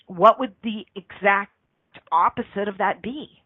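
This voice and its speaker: A woman's voice: a little high, expressive, normal speed, no echo. A woman hosting a motivational radio show, talking earnestly in a coaching manner and repeating phrases for emphasis. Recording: dry, tinny phone-line sound.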